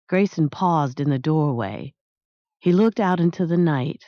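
A woman reading a storybook aloud as its narrator, in an expressive, animated way, in a dull, dry recording. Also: low voice, measured pace, no echo. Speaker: audiobook narrator.

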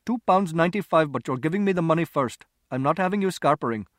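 A man voicing a curt, impatient male shopkeeper in a storybook reading, gruff and sarcastic, snapping at a customer. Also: fairly high pitch, lively intonation, fast, no room sound, studio quality, lightly acted.

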